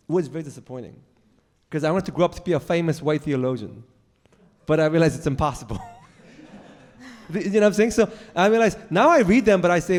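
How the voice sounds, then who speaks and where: A man with a lively, swinging voice and a fairly high pitch answers audience questions after a lecture. He talks with animation, laughs often and acts out the lines he quotes. The sound carries a long hall reverb. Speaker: theology professor.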